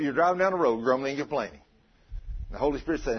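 Husky preacher, animated sermon. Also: male voice, medium pitch, racing, highs cut off. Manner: animated, calls out to the congregation and acts out prayers.

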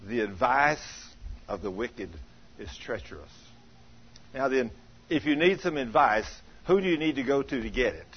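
Male pastor, husky, lively storyteller, lo-fi sound. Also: mid-range voice, moderate pace. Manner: animated, acts out quoted voices, shouts in anecdotes. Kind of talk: folksy sermon with storytelling.

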